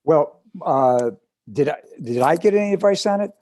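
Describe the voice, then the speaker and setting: Earnest man with dry, mellow voice. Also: on the high side, animated, no room sound. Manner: earnest, deliberate, some hesitations. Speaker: actor panelist. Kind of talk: unscripted panel answer.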